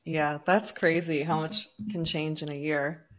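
A woman with a notably low voice hosts the podcast, asking open, curious questions. She listens attentively and answers with brief affirmations. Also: steady tone, measured pace. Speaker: podcast host. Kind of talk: interviewing, brief reactions.

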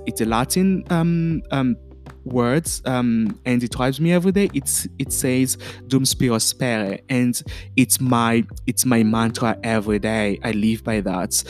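French-accented guy doing a motivational podcast, slow, lots of ums, soft music behind. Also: mid-range voice. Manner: earnest, repetitive, many fillers and restarts. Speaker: podcast host. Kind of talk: motivational monologue.

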